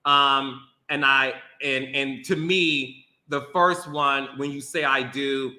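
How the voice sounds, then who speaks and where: Animated chatty man with a bright voice. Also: mid-range voice, echoey room. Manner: animated, playful, laughs often, then slow and emotional. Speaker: podcast host. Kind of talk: casual chat.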